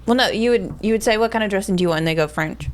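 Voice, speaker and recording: A woman speaks at a middle pitch on a casual podcast. She chimes in with quick agreement. She laughs easily. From East Tennessee. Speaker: podcast co-host. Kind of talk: casual chat.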